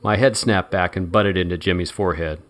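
A man giving a measured, wry first-person audiobook narration. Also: low voice, fairly even intonation.

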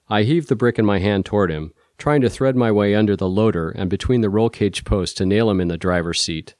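A man narrating a first-person audiobook in a steady, measured storytelling voice. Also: lowish voice, no room sound, clean studio sound.

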